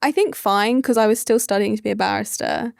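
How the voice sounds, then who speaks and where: A woman's voice: medium pitch, fairly quick, vocal fry, dry recording, clean studio sound. A young woman, a startup founder, chatting casually as a podcast guest and filling her talk with "like". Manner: chatty, full of "like" fillers.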